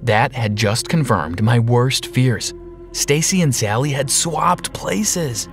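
A man narrating a first-person animated story in an expressive style, slowing down for dramatic reveals. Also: mid-range voice, faint music behind.

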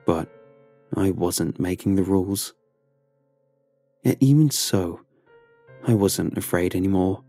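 A man narrating a horror story in a slow, low, brooding way. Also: warm tone, no room sound. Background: faint music.

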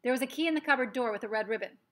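A woman reading aloud who voices an angry, desperate young schoolboy, shouting and indignant. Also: on the high side, rapid-fire, pitched above the performer's own voice, lightly acted.

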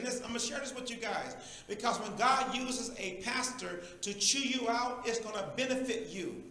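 A man preaches an animated sermon in a church, often calling out to the congregation. His voice is high and bright. The sound bounces around a very echoey room. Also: unhurried. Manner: animated, preachy call-and-response. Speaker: pastor.

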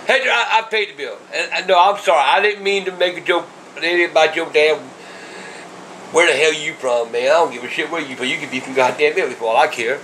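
An older man, yelling and cursing on an angry phone call. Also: a little high, fast talker, slight background noise. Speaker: grandfather.

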